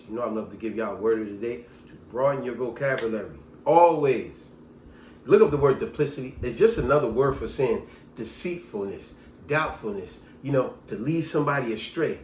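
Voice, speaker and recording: A man vlogging, telling personal stories in a casual, animated monologue. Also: medium pitch, slight background noise. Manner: animated storyteller, lively delivery. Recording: echoey room.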